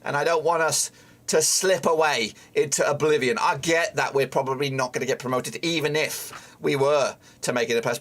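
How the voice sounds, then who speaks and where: A man with a high, fairly bright voice streams a live football watchalong as commentary, frustrated, swearing a lot and talking to the players on screen.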